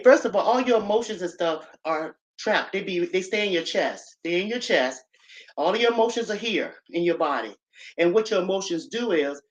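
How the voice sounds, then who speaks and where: A woman hosting a casual live stream, talking straight to her viewers in a chatty way, a bit out of breath. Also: on the low side. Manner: chatty, addresses viewers directly.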